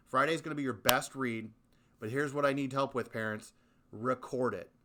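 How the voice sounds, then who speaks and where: A male school principal with a mid-pitched voice talks parents through a reading program. He speaks emphatically, leaning on key words and repeating them for effect. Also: bright, forceful tone.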